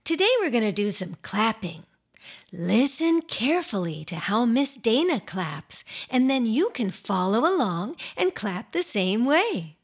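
A woman's voice: fairly high pitch, sing-song, measured pace, husky. A woman hosting a children's show, talking playfully and encouragingly to young kids in a silly, sing-song way.

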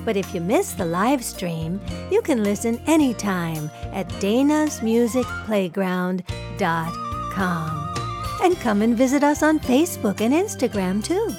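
A woman's voice: medium pitch, sing-song, measured pace, over music. Playful woman hosting a kids' radio show. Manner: playful, sing-song, teasing guessing games. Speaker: children's radio show host. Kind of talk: cheerful talk to young children.

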